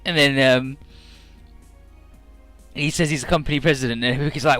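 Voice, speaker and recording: A man's voice: mid-range voice, steady tone, normal speed, pauses often, fairly bright tone, dry recording. A man giving crude, joking let's play commentary, rambling as he recaps a game's story. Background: faint game music.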